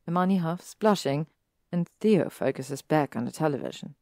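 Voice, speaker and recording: A woman reading fan fiction aloud in a calm, even narration. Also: low voice, normal speed, dry recording, clean studio sound. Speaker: story reader.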